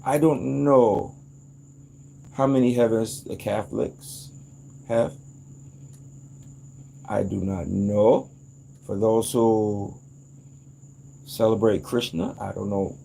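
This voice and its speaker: Man, gravelly voice, rambling casual monologue, profane, sudden high yelps, faint crickets behind. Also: slow pace, long pauses, dark tone, slight background noise. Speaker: vlogger.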